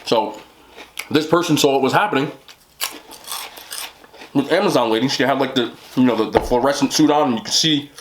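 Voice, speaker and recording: A man's voice: medium pitch, brisk, long pauses, slight background noise. A man hosting an eating show, rambling casually with lots of "like" and "you know". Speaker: mukbang host. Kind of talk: casual chat while eating.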